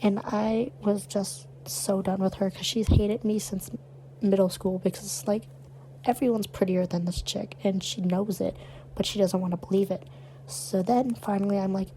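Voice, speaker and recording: A woman's voice: medium pitch, normal speed, slight background noise, poor audio. Blunt young woman podcast co-host. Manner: animated, blunt storyteller. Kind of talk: casual storytelling chat.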